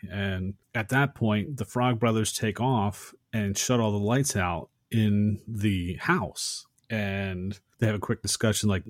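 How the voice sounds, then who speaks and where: A man co-hosting a film podcast, retelling a movie scene in a casual, animated way and acting out the characters' lines. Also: fairly low pitch, normal speed, no echo, clean studio sound. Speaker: podcast co-host.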